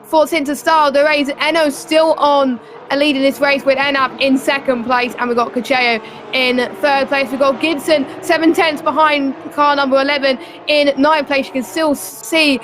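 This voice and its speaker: A woman co-commentating an online sim race, chatty and full of fillers, getting excited in close battles. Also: high voice, moderate pace, background noise.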